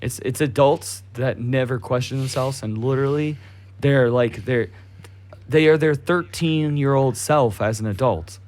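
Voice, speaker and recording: A man's voice: medium pitch, a little slow, a little mellow. A young man co-hosting a casual podcast, ranting heatedly with lots of swearing and mocking impressions of the people he criticizes. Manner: profane, heated, mocking voices mid-rant. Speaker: podcast co-host.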